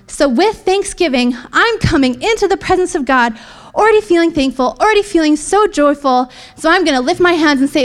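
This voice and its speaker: A woman's voice: sits high, a little fast, faint music behind. A woman teaching a congregation in church, earnest and encouraging. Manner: earnest, leads the congregation in singing praise. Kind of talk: sermon and worship. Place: church sanctuary.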